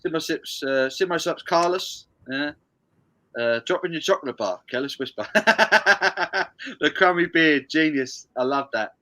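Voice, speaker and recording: A man hosts a charity live stream, reading out answers to a music quiz in a relaxed, joking way. His voice sits a touch high and has a bright, forceful edge. He banters with the chat, swears freely and laughs often. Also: measured pace.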